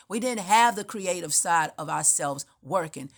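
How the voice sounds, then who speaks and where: A woman's voice: lowish voice, expressive, a little slow, few pauses. A woman giving an unscripted spiritual monologue, telling her story in a meandering, emphatic way with frequent restarts. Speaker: spiritual speaker.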